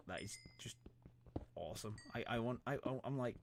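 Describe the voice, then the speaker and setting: A man's voice: on the low side, fast, gravelly, noisy background. A young man, rambling and joking, stammering often and swearing casually as he chats on a gaming livestream. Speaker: streamer.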